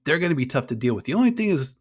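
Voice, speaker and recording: A man's voice: on the high side, big pitch swings, very fast. Guy hosting a soccer podcast, hyped, swears a lot, reels off player names. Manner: enthusiastic, swears freely, rattles off player names. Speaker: podcast co-host. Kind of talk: casual sports chat.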